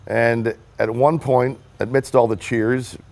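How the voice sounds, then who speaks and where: A man's voice: medium pitch, level tone, takes it slowly, a little mellow. A man telling a personal story in an earnest, emphatic way, speaking as a political rally supporter giving a testimonial. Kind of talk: personal story told to the camera.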